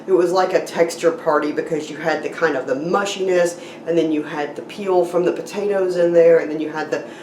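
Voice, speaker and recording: A woman's voice: fairly low pitch, steady tone, a little fast, few pauses, darkish tone, a little hiss or hum, poor audio. A woman casually narrating her own vlog and explaining each food item one by one, with hiccups interrupting her. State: has hiccups. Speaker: vlogger.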